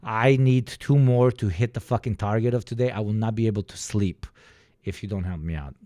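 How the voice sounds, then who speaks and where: A young man streaming to his chat, rambling through a story with plenty of swearing and asides. His voice sits a little low and sounds mellow, recorded close and dry. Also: a little fast, no room sound. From Balkans. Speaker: livestreamer. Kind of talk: casual chat with viewers.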